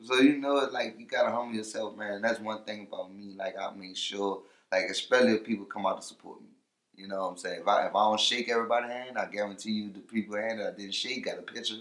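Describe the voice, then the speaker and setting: A man, a rapper, talking casually in an interview, loose and laid-back, leaning on "you know" and "for real", and getting loud when he is fired up. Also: fairly low pitch, fairly even intonation, fast talker, echoey room.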